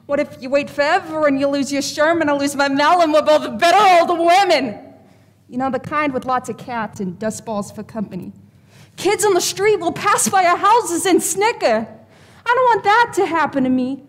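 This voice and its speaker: A woman's voice: high-pitched, expressive, moderate pace, in a large hall. A woman playing a blunt, wisecracking fake fortune teller in a stage play. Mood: impassioned.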